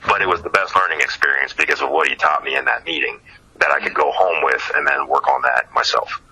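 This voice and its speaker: Man, singer-songwriter from ohio, very deep, bright and forceful, animated storytelling, lots of fillers. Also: brisk, breathy edge, low-quality recording. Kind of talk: casual storytelling interview.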